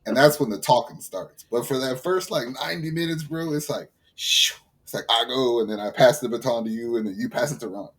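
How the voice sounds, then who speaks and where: A man with a Texan accent co-hosting a casual podcast, telling profane, animated stories about his gym routine. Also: medium pitch, brisk. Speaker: podcast co-host. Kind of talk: casual chat.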